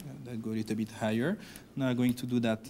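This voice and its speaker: Talking fast with a steady, dark-toned, medium-pitched voice, a French-accented TV pastry chef in his thirties shows how to work chocolate. He gives playful, joking step-by-step directions in a kitchen studio, and the recording carries a little hiss or hum.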